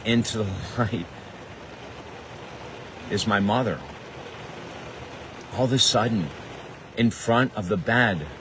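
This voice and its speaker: A man's voice: on the low side, a bit bright, slight background noise, low-quality recording. An older man and grief counselor telling a personal story in an earnest, emotional way, often repeating phrases for emphasis.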